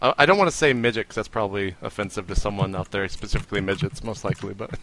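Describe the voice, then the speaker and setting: Bright-voiced young male host. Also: fairly low pitch, very fast, slight background noise. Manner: easygoing, joking, prompting. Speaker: podcast host. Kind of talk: casual chat.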